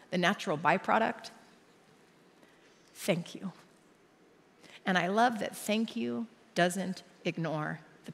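A woman's voice: mid-range voice, gravelly. Woman preaching in a big echoing hall. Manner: personal storytelling with frequent laughs. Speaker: church speaker. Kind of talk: sermon. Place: church auditorium. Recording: long reverb of a large hall.

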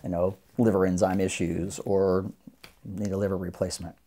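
A man's voice: low voice, flat delivery, normal speed, dark tone. A man, a doctor of Oriental medicine, explaining his practice earnestly as a guest in a podcast interview. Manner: earnest, explanatory, acts out patients' voices.

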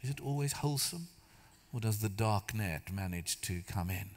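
In a big church hall whose long reverb trails each line, a man preaches with a lowish, animated voice at a moderate pace. His sermon unfolds as conversational stories, sprinkled with jokes at his own expense.

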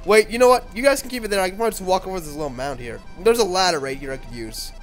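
A man's voice: sits high, racing, soft background music. A man recording a co-op game, joking and swearing as he plays. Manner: excitable, swearing, jokey. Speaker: gamer recording a let's play. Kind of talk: casual co-op game chat.

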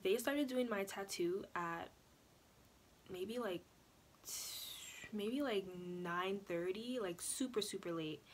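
A young woman vlogger telling a personal story in a chatty, animated way, full of "like" and "you know". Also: mid-range voice, slow pace, a little hiss or hum. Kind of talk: casual storytelling vlog.

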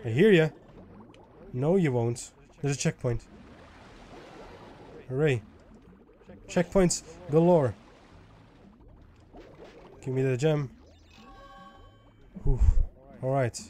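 A man giving let's play commentary who swears a lot and swings from loud frustrated yelling to low muttering. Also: slow, pauses often. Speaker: gaming YouTuber.

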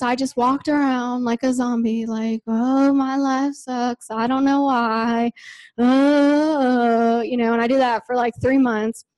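A woman's voice: on the high side, darkish tone, low-quality recording. A woman giving a conversational sermon in a church, chatty, with many "like" and "you know" fillers. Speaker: preacher.

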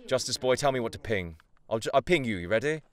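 A man with a mid-range voice talks fast as a voice actor bantering playfully with strangers during a video game. His casual gaming voice chat is playful and excitable, punctuated by loud outbursts.

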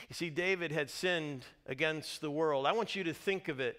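A man pastor preaching a sermon, telling a story with lively, dramatic delivery and acted-out voices. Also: fairly high pitch, normal speed, hardly any pauses. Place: church.

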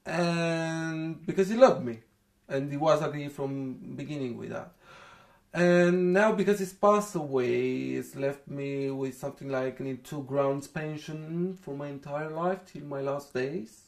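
A young man from Romania with a Romanian accent, speaking in broken English, soft and halting, as he tells a personal account in an interview. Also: a little high, creaky. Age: young adult.

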